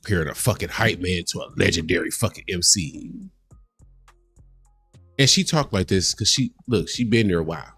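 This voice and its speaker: A low-voiced man hosts a livestream and reacts to clips in a casual, profane rant. His delivery is animated and heated. The sound is close and dry, with faint music underneath. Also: moderate pace, breathy edge, no room sound.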